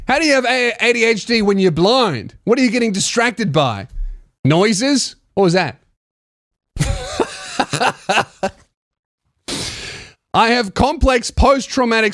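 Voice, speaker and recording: A man's voice: high-pitched, fairly bright tone, no room sound, clean studio sound. Crude, riffing comedy podcast host, man. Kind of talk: comedic story reading.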